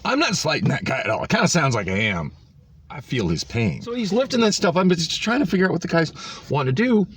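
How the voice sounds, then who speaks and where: A man's voice: fairly high pitch, very animated, a little fast, a bit bright, slight background noise. A man recording a vlog on his phone, exasperated and sarcastic as he rants about a store visit, swearing freely. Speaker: vlogger. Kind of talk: ranting vlog storytelling.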